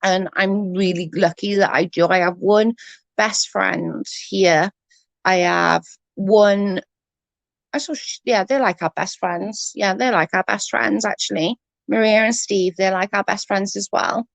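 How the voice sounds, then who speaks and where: A woman's voice: mid-range voice, unhurried, gravelly, dry recording. A woman chatting casually on a livestream, rambling and swearing freely while answering comments. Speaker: livestream host.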